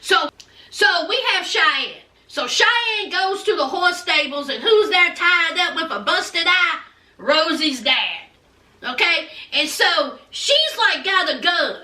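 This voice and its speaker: Sassy high-voiced woman recapping TV. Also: expressive, takes it slowly, bright, forceful tone, far from the mic. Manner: chatty, sassy, calls viewers child and honey. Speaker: TV recap vlogger. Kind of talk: animated casual recap. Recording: roomy echo, from off mic.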